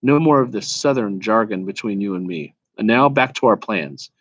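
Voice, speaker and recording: A man voicing a proud male talking war horse who lectures in a brisk, faintly scornful way, in a storybook read-aloud. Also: lowish voice, expressive, no room sound, muffled recording.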